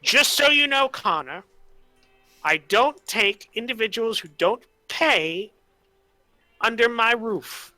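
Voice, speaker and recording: A man's voice: extremely high pitch, lively intonation, takes it slowly, pauses often, pushed and bright, soft background music, voice pushed up, heavily acted. A man voicing a cranky middle-aged landlady of a boarding house in a tabletop game, speaking curtly and suspiciously. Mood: stern. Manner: curt, suspicious.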